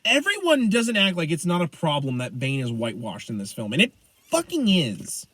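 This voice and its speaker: A man co-hosting a film podcast talks in a rambling, animated way, full of fillers and restarts. His voice sits high and swoops around a lot. The sound is dry and close. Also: moderate pace, no echo, low-quality recording. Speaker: podcast co-host. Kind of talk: casual film review chat.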